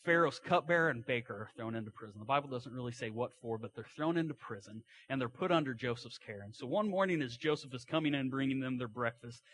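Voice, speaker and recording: A man's voice: mid-range voice, fairly bright tone. A man preaching a sermon, retelling a story in a folksy way with asides and acted-out quotes.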